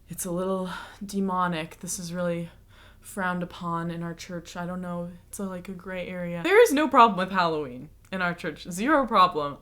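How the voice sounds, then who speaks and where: An American woman hosts a reaction video, offering chatty, explanatory commentary with a lightly sarcastic edge. Her voice sits at medium pitch with a fairly bright tone.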